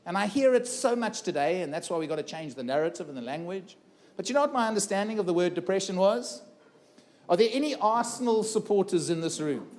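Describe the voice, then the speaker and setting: A man's voice: high-pitched, lively intonation, a little fast, darkish tone, slight background noise. A middle-aged man gives an earnest keynote talk to a live audience about his own life. He repeats phrases for emphasis and asks the audience questions. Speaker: keynote speaker. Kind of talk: personal story told to a live audience. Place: conference room before a live audience.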